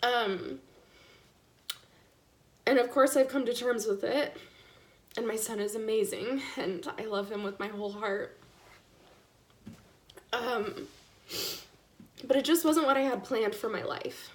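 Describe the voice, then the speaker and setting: A woman's voice: fairly high pitch, slow pace, pauses often. A young woman in her twenties tearfully telling her son's diagnosis story, casual and candid, with many fillers. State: tearful, apologizing for crying. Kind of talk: emotional personal storytelling. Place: live stream.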